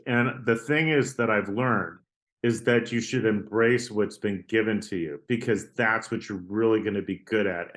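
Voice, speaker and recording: This man, a guest artist on an interview podcast, has a lowish voice with a fairly bright tone. He tells stories in a chatty, rambling manner and keeps checking in with "right?" during the casual storytelling interview.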